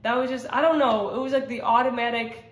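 A woman talks through a personal testimony in a loose, earnest way, stopping and restarting often with lots of "um" and "like." Her voice sits a bit high. The room gives it a noticeable echo. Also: fairly even intonation, fast. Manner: rambling, earnest, with many fillers and restarts. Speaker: vlogger sharing a testimony. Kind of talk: casual testimony talk. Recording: roomy echo.

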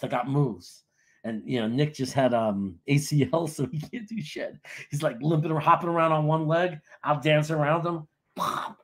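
A husky-voiced man riffs through a casual sports live stream. He jokes and boasts nonstop, breaking into laughter between lines. His voice sits a little high for a man. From New York. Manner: joking, boastful, laughs often. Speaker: sports show host.

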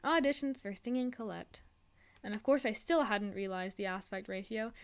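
A woman's voice: mid-range voice, normal speed. A teenage girl hosting her channel, chatting and laughing at herself while reacting to old videos. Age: teens. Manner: giggly, self-mocking, chatty. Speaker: channel host. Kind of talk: casual reaction commentary.

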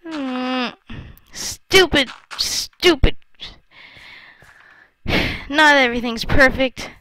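High bright-voiced woman gamer. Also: slow pace, long pauses, low-quality recording. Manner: chatty, talks to viewers, frequent exclamations. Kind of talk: let's-play commentary.

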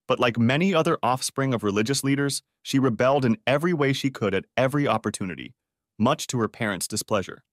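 A man reads a revenge story aloud with an animated, swinging pitch. The recording is close and dry, with no room sound around the voice. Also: dry recording. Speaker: audiobook narrator. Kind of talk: scripted story narration.

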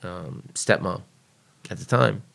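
A man's voice: low voice, takes it slowly, gravelly, fairly bright tone. A man guest on a podcast, telling a personal story casually and bluntly, swearing freely. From United States.

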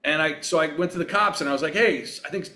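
A middle-aged man from Long Island tells stories in a loose, wry, conversational way. His voice sits a touch high for a man, and he talks as an interview guest. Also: very fast. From Long Island, New York. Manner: relaxed, anecdotal, wry. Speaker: actor and racer, guest. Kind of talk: casual interview storytelling.

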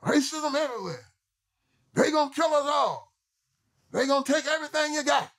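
A man putting on a mocking caricature of a defeatist political voice, in a high sing-song manner. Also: animated, moderate pace, a bit bright, exaggerated voice.

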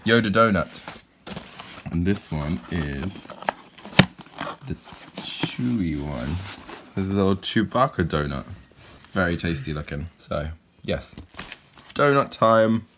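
A man's voice: sits low, animated, measured pace, pauses often, noisy background. A man, chatting casually and cheerfully through a weekly vlog, with rambling restarts. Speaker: vlogger. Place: out and about in a city, on streets and indoors. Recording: background music playing loudly.

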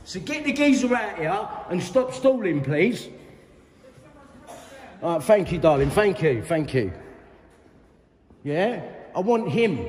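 A middle-aged man with a London accent, ranting angrily and profanely while filming a complaint on his phone. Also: very high voice. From London, England. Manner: profane, repetitive, heated. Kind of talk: angry confrontational rant. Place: hospital waiting area, indoors. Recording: echoey hall with long reverb.

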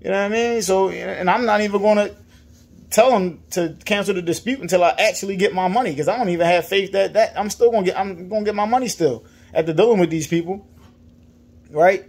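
A man's voice: high-pitched, fairly quick, a little mellow, breathy edge. A man with a Virginia accent, venting in a casual monologue about a bad dealer experience, repeating himself and acting out what others said. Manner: frustrated, repetitive, mimics others' lines. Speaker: customer complaining about a dealer.

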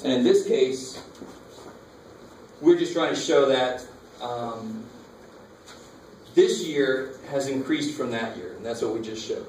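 A man's voice: mid-range voice, takes it slowly, long pauses, darkish tone. A man teaching a math lecture, talking casually and asking the class questions. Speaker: math instructor. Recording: echoey classroom from far off, faint noise.

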